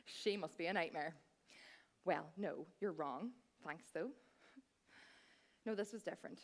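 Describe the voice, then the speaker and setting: A woman's voice: on the low side, normal speed, long pauses. A woman in her thirties, telling a comic, wry story on stage as a cabaret performer and speaking straight to the audience. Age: 30s. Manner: chatty, wry, addresses the audience directly. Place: theatre stage.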